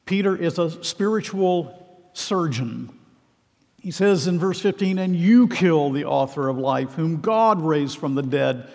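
A man delivers an earnest, emphatic sermon and presses pointed questions on his listeners. His voice sits a little high for a man. A long reverb trails behind his words, as in a large hall. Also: expressive, unhurried, creaky, darkish tone. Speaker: preacher.

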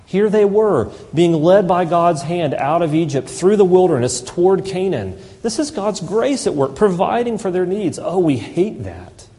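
A man's voice: high voice, lively intonation, moderate pace, few pauses, warm tone. A man giving an impassioned sermon as a pastor, now and then mimicking whiny complainers. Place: church sanctuary. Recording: long hall reverb.

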